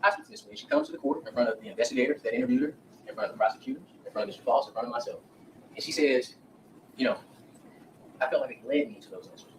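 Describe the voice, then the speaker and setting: A man's voice: mid-range voice, lively intonation, very fast, far from the mic, slight background noise, low-quality recording. A man giving a defense opening statement to a jury in a courtroom, speaking straight to the jurors and acting out what witnesses said. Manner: addresses jurors directly, acts out witness quotes. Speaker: defense attorney.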